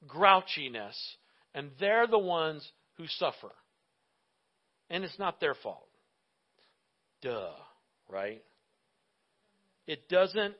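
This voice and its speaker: A man with a high voice preaching a sermon, swinging between loud emphatic bursts and quiet asides with an easy, joking manner. The sound is dull and lo-fi. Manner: animated, jokey, emphatic with frequent laughs. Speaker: pastor.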